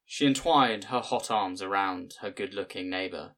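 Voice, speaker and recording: A man narrating an audiobook in a measured, plain storytelling manner. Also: low voice, fairly bright tone.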